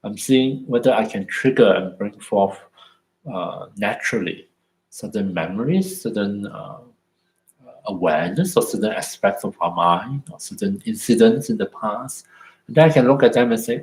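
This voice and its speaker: Low-voiced guy teaching meditation, slow and reflective, tags stuff with "isn't it", roomy echo. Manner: unhurried, reflective, with tag questions like "isn't it" and "no". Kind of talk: dharma talk leading into guided meditation.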